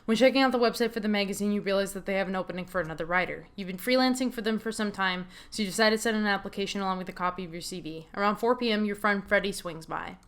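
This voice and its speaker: A woman's voice: mid-range voice, rapid-fire, hardly any pauses. A woman reading a story game aloud as a streamer, with chatty, laughing asides.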